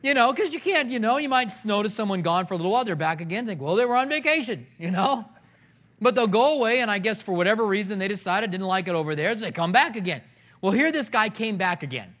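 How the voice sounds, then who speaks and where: A man, the pastor, preaching a sermon and telling funny, animated stories to make his point. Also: sits high, quick pace, dull audio. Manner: animated storytelling with humor.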